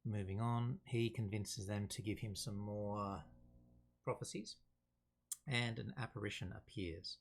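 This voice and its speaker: Low, gravelly man explaining a play. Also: steady tone, unhurried. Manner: casual, reads quotes aloud between explanations. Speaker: teacher.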